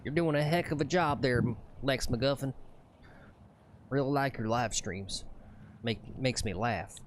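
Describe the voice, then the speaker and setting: A man's voice: medium pitch, measured pace, slight background noise. A man co-hosting a golf livestream from the course, joking around and reading viewer comments. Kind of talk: casual chat.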